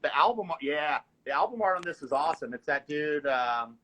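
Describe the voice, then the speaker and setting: A man's voice: a little high, animated, a little fast, pushed and bright, rough recording. A young man in casual chat, laid-back, with lots of filler words and easy laughs.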